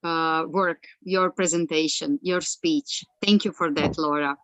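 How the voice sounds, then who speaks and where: Slow, low-voiced woman guest. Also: fairly even intonation, a bit bright, dry recording, rough recording. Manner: halting, repeats words. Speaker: event guest. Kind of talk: short praise remarks. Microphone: video call. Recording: dry video-call audio.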